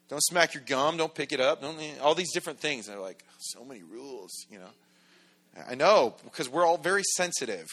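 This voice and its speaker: A man's voice: fairly high pitch, bright, forceful tone. A middle-aged man preaching a casual, conversational sermon as a pastor, full of asides and rhetorical questions.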